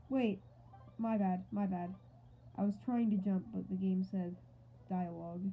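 A woman's voice: medium pitch, fairly even intonation, unhurried, long pauses. A woman doing playful, goofy gameplay commentary with mock outrage and silly asides. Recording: thin phone-like audio.

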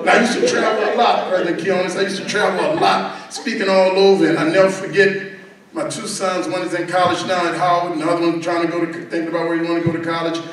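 High-voiced middle-aged man speaking in an echoey hall. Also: flat delivery, fast talker. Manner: folksy, emphatic storytelling with a preacher-like cadence. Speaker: keynote speaker. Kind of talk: motivational speech. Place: large event hall at a gala. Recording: echoey hall recorded from far off.

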